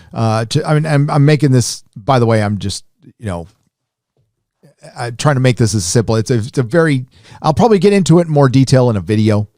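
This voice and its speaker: A man hosting a live stream, rambling casually with lots of fillers and restarts, his voice rising when animated. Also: medium pitch, no room sound, clean studio sound. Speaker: live show host.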